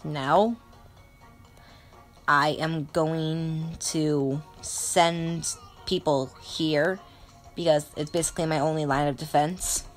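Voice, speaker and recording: A woman's voice: deep voice, steady tone, slow pace, faint music behind. A woman narrating her strategy game play in a melodramatic, self-mocking way. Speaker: gamer. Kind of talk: let's play game commentary.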